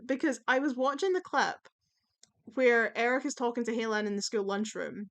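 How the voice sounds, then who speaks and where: A woman's voice: fairly high pitch, moderate pace, fairly bright tone. A woman talking casually in a tier-list video, chatty and opinionated, with plenty of fillers and the odd swear word. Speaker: YouTube commentator.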